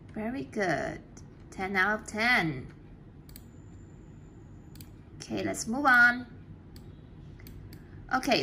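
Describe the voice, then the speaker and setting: A woman's voice: mid-range voice, a bit bright, a little hiss or hum. A woman teaching an English class, patiently checking answers and praising students often. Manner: slow, patient.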